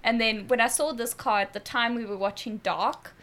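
A young woman from Durban in a casual podcast chat, chatty and giggly, who often breaks into animated voices when she quotes someone. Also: fairly high pitch, normal speed. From South Africa (Durban). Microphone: podcast mic.

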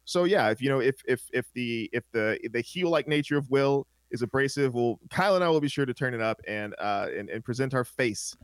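A man's voice: medium pitch, expressive, a little fast, hardly any pauses, no echo. A man co-hosting a podcast, talking in an upbeat, rambling way with lots of restarts. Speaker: podcast co-host. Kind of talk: casual podcast chat.

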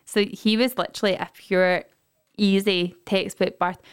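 A woman's voice: medium pitch, normal speed, smooth, dry recording, clean studio sound. A young Scottish woman chatting on a podcast, telling her birth story and acting out what people said. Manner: lively storyteller, acts out quotes. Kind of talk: casual chat.

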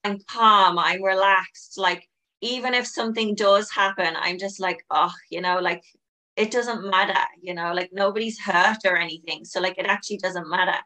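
Bright-voiced woman, chatty and rambling. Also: medium pitch, fairly even intonation, moderate pace. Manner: rambling, heavy use of "like" and "you know". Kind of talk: casual chat.

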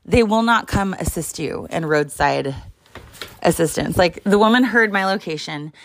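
A young woman with a lowish, expressive voice moves around her home hunting for her clothes while telling a frustrating story at a moderate pace. She's casual, profane, and exasperated.

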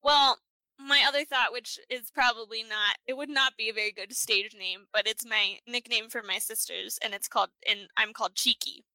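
A high, bright-voiced woman chatting as a guest on a casual livestream. She is encouraging and quick to giggle. The sound is dry and close to the mic. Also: steady tone, no room sound, poor audio.

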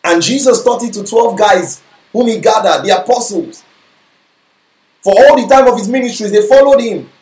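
A man's voice: high-pitched, moderate pace, a little mellow. A man preaching a sermon, often checking in with the congregation with questions like whether they follow him. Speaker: pastor. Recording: echoey room.

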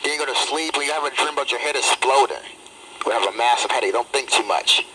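A man's voice: mid-range voice, fast talker, pushed and bright. Rambling man on a noisy phone line. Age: 30s. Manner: loose, rambling, repeats himself with stumbles. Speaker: chatline show host. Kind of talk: casual phone chatline banter. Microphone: telephone.

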